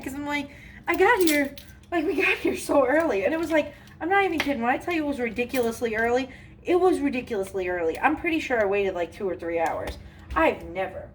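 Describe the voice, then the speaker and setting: A young woman chatting casually as she bakes at home and tells a long story, full of fillers and asides. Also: medium pitch. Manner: chatty, rambling, many fillers. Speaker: vlogger. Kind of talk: casual storytime while baking. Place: home kitchen. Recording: noisy home recording.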